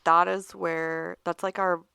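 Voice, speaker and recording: Brief: woman co-host, lively storyteller, lowish gravelly voice, dry close mic. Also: slow, no echo. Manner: animated storyteller, acts out callers' voices. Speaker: podcast co-host. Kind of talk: casual chat.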